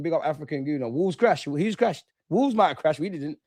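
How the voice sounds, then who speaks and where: A man's voice: on the high side, brisk, hardly any pauses. A young man hosting a livestream football reaction, ranting and taunting his chat. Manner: excitable, taunting, shouts at chat. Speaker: fan channel host.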